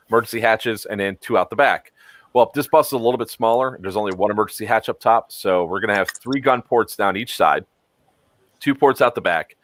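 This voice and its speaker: Male stream host, lowish voice, rambling and casual, dry sound. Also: a bit bright, no echo. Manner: rambling, with frequent ums. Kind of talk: casual chat.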